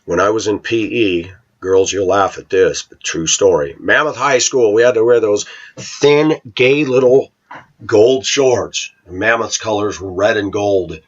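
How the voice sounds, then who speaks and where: A middle-aged vlogger rambles through an opinionated monologue to his viewers in a lowish, breathy voice at a measured pace. The recording is dull and lo-fi.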